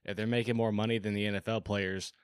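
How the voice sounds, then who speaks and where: A man co-hosting a casual sports podcast who questions the others and makes his point quickly. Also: lowish voice, little pitch movement, clear, resonant tone, no echo, clean studio sound. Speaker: podcast co-host.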